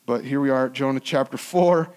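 A pastor preaching a sermon in a conversational, earnest way, with frequent restarts and swings between loud emphasis and hushed asides. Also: male voice, medium pitch, normal speed, smooth.

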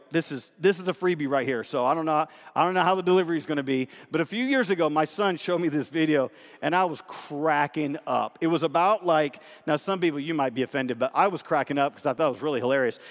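A man preaching a sermon as a pastor, emphatic and conversational, animated in his delivery. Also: on the high side, quick pace. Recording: long hall reverb.

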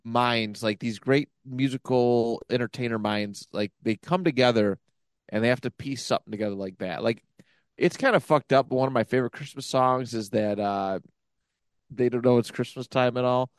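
A man's voice: medium pitch, normal speed, clear, resonant tone, no echo. A man co-hosting a podcast, chatting casually and searching for words with lots of "like". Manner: loose, searching phrasing with many likes. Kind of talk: casual chat.

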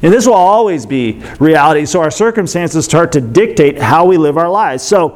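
A man in his thirties preaching, reading scripture and then talking about it in a relaxed, chatty way with lots of filler words. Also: a little high, normal speed. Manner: conversational, uses fillers like 'like' and 'man'. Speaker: pastor. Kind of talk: scripture reading and casual sermon commentary.

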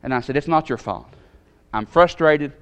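Animated man telling a story. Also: on the high side, normal speed, smooth. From Tennessee. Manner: animated storyteller, acts out voices, swings loud and soft. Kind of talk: storytelling sermon.

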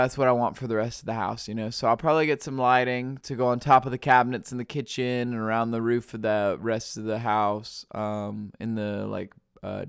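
A man's voice: medium pitch, creaky, a bit bright, clean tone, no room sound, studio quality. A man with a stuffy nose hosting his podcast alone, rambling in casual chat full of fillers. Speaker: podcast host.

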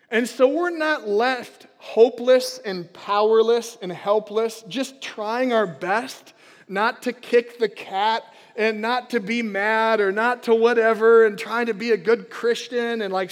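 High-voiced man preaching in a reverberant hall. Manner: chatty, emphatic, rallies the crowd. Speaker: pastor. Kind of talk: casual energetic sermon. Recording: long reverb of a large hall.

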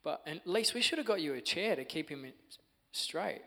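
A man's voice: on the high side, animated, normal speed, sharp tone, big-room sound. A man hosting a church interview as pastor, giving short encouraging affirmations.

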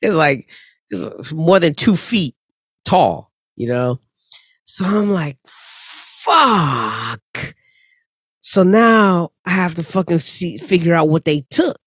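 A man's voice: on the high side, animated, measured pace, dry recording, clean studio sound. A man in casual chat, telling stories bluntly, with exasperation and plenty of swearing. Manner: blunt, profane, exasperated storytelling.

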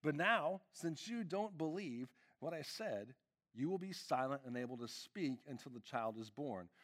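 A man's voice: a little high, lively intonation, a bit bright. A man voicing a male angel messenger who is exasperated and commanding, speaking emphatically. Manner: incredulous, emphatic, drawn-out.

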